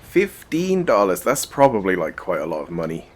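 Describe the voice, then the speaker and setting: A man's voice: low voice, huge pitch swings, moderate pace. A male streamer giving casual let's-play commentary, full of joking, self-deprecating asides.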